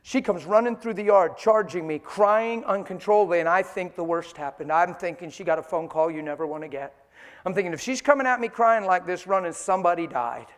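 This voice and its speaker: A man preaching a sermon, telling a personal story with animated delivery and frequent laughter. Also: high voice, brisk, big-room sound.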